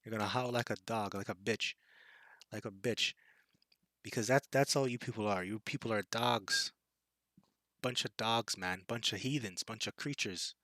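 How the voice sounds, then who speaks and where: Fiery male street preacher, forceful bright tone, taunting delivery, dry close sound. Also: lowish voice, moderate pace, no echo. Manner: fiery and taunting, with scornful impressions and laughs. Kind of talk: scripture sermon.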